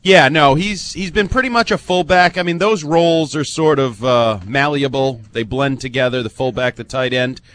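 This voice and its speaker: A man's voice: mid-range voice, moderate pace, few pauses, a bit bright. A man hosting sports talk radio, explaining players and roles in a matter-of-fact, informed way.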